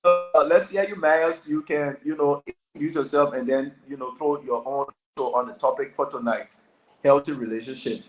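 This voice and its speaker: A man's voice: medium pitch, fairly quick, faint music behind, rough recording. A man hosting an online panel discussion over a remote call, speaking politely with apologetic, hesitant restarts. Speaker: show host. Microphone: remote streaming call.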